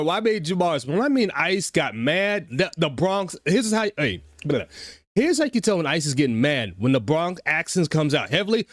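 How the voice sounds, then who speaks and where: A man's voice: on the high side, very animated, moderate pace, no echo. A man hosting a casual reaction commentary, talking to chat and scolding a streamer with exasperated repetition.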